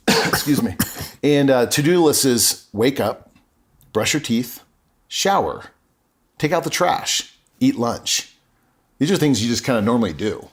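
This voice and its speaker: A man's voice: medium pitch, lively intonation, unhurried, long pauses. A middle-aged man, a podcast guest, telling his personal story in an earnest, openly emotional way with frequent restarts.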